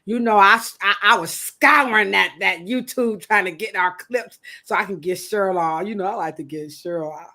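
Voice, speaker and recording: A woman hosting a casual podcast livestream, talking in a playful, animated way. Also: medium pitch, normal speed, hardly any pauses. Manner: animated, playful, acts out quoted voices. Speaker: podcast host.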